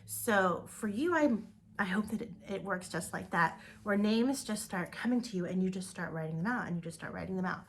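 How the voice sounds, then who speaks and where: A woman gives an emphatic, upbeat pep talk to her direct sales team and leans on repeated words for stress. Her voice sits at a middle pitch. A faint background noise runs under the recording. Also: animated, brisk.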